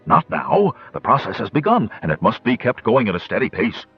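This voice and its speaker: A man's voice: mid-range voice, wildly swooping pitch, fairly quick, slightly rough, dull audio, soft background music, exaggerated voice. A man doing a pompous gnome inventor, Bellcrank. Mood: triumphant. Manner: grandiose, wordy, eager. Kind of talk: audiobook character voice.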